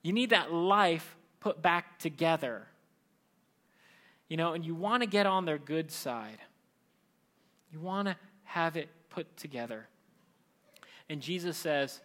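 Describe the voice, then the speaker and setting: High, bright-voiced male preacher. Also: normal speed. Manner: conversational, lively, drops into mimicked voices. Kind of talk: sermon.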